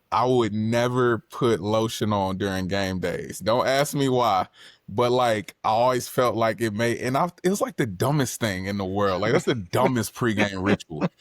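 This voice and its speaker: A man in casual podcast chat, laid-back and quick to laugh, who coaches. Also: fairly low pitch, no echo, clean studio sound. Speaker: podcast guest.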